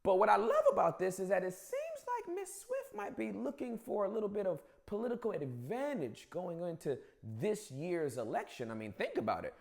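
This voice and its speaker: A man's voice: sits high, sing-song, normal speed, creaky, few pauses, darkish tone. A man hosting a comedic news monologue, emphatic and playful.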